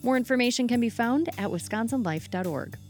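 A woman radio producer presenting a segment in measured, clear scripted broadcast narration. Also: a little high, lively intonation, darkish tone, soft background music.

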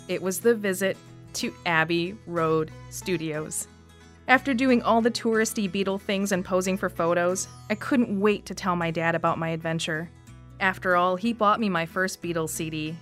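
A woman's voice: fairly low pitch, fairly bright tone. A woman in her forties with a Wisconsin accent, reading her own personal essay in a reflective storytelling manner for radio. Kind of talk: scripted personal essay narration.

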